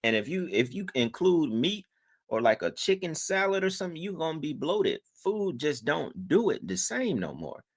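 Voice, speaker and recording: A man's voice: a little high, very animated, moderate pace. A man hosting his channel, speaking, casually reacting to a clip and talking straight to viewers with lots of fillers. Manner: conversational, addresses viewers, filler-heavy. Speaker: channel host.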